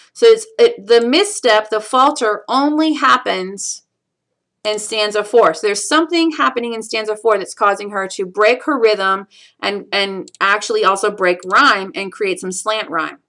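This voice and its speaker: A woman teaching a screencast lesson on a poem, reading lines slowly and counting syllables aloud, with patient explanations and frequent fillers. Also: fairly high pitch, fairly bright tone. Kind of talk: recorded screencast lecture.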